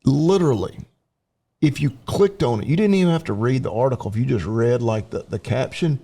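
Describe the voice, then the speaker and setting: Southern American male co-host, gravelly, animated and wry. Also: mid-range voice, quick pace. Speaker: podcast co-host. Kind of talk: casual podcast chat.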